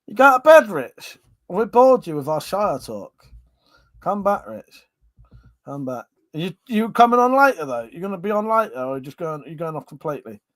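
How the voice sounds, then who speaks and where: An English man with a fairly high voice hosts a relaxed late-night livestream over a drink. He reads viewers' messages aloud and answers them with jokes, laughter and easy swearing, often repeating his agreement. The sound is dry and close. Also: moderate pace, no room sound. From Buckinghamshire, England. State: having a drink. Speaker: livestream host. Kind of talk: casual live-stream chat, reading viewer comments aloud.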